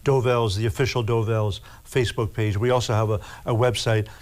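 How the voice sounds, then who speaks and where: A man's voice: on the low side, level tone, a little fast, a little mellow. An older man, a singer and guest, cheerfully plugging his group's pages and cracking a joke. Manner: friendly promoting, joking. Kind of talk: casual chat.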